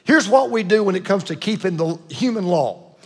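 A man's voice: high voice, lively intonation, moderate pace, breathy edge, in a large hall. A man preaching a sermon with emphatic delivery, repeating key points and calling on the congregation to answer. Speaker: pastor.

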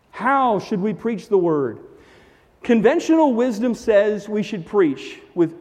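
A man's voice: high-pitched, a little mellow. A male pastor preaching a sermon, emphatic and repeating his key phrases for weight. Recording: long reverb of a large hall.

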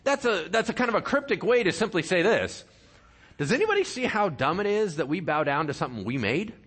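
A pastor delivers a sermon in a fairly high, lively voice that swings widely in pitch. He jokes with the congregation between passages. He reads scripture with dramatic emphasis. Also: a little fast, husky. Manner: animated, playful asides to the congregation.

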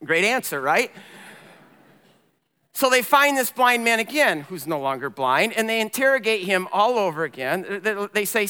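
A man's voice: high-pitched, moderate pace, clean tone. Pastor man preaching in a reverberant hall. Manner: animated storytelling, voicing characters in dramatic retelling. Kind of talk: sermon. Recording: long reverb in a large hall.

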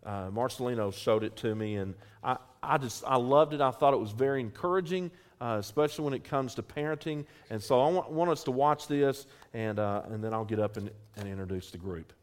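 A man's voice: mid-range voice, a little fast, hardly any pauses. A man hosting a church panel, speaking earnestly to the congregation and introducing a video. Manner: earnest, with small restarts. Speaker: church program host. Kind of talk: addressing a congregation.

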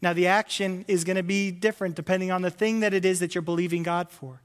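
A man preaching a sermon as a pastor, animated and acting out comic voices, a father of several kids. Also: sits high, fast talker, clean tone, in a large hall. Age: adult with children. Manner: animated, acts out voices with loud comic bursts.

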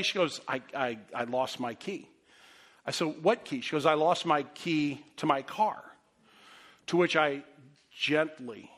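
A middle-aged man preaching a sermon as pastor, telling a story with self-deprecating humor and then turning soft and earnest. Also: fairly high pitch.

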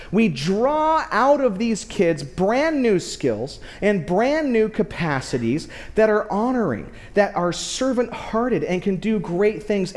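A pastor preaching a sermon, who tells stories in a lively way and speaks straight to his congregation. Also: high voice. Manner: lively storytelling, addresses the congregation directly.

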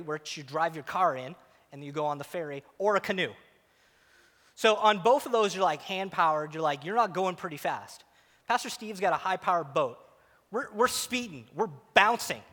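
A man giving a sermon, telling an animated, self-mocking story about himself. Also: sits high, moderate pace. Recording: long hall reverb.

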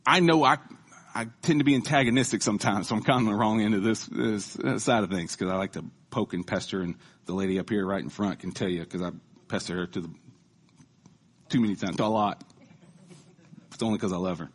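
A man preaches a casual sermon, chatty and quick to joke at his own expense. His voice sits low with a husky edge. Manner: conversational, joking, self-deprecating. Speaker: lay preacher.

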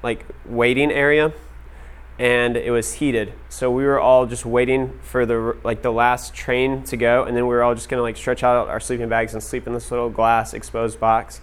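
A man speaking to a group in a loose, conversational sermon style. His voice sits at a middle pitch. He tells stories freely and sprinkles "like" through his sentences. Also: flat delivery, normal speed, smooth. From United States. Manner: conversational, heavy use of "like". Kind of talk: casual sermon storytelling.

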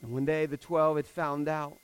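Male pastor, high-pitched, conversational sermon delivery with casual asides, dry sound. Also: level tone, moderate pace, clear, resonant tone, no echo, low-quality recording. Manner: conversational preaching with casual fillers; swings between emphatic and hushed.

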